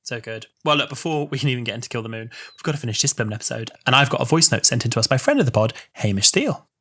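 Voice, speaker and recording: A man in his twenties co-hosting a podcast, chatting casually in an animated, gushing way. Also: mid-range voice, rapid-fire. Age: 20s. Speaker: podcast co-host. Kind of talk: casual chat.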